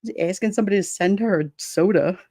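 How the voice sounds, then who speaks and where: A woman's voice: mid-range voice, fast, warm tone, no room sound, studio quality. A woman hosting a livestream, chatting casually and reading viewer comments aloud, laughing often and slipping into quoted voices. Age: adult with children. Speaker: livestream host.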